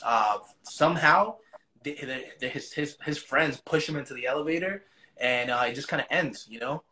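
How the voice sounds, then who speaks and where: A man's voice: medium pitch, normal speed, pushed and bright. A man as an interview guest, retelling a story in casual, profane slang.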